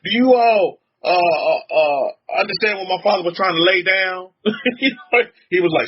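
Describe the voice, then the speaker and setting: A rabbi giving a loose, conversational sermon, talking to his congregation in a voice pitched high for a man with a husky edge. He circles back and repeats himself and chuckles often. The recording sounds dull and lo-fi. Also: expressive, moderate pace. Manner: chatty and repetitive, often chuckling, addresses the congregation directly. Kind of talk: informal sermon.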